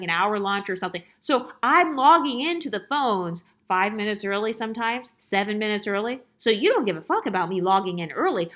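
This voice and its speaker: A woman's voice: fairly high pitch, fairly bright tone. A woman telling a casual storytime, exasperated and sarcastic, firing off rhetorical questions with salty, profane language. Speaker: storytime vlogger.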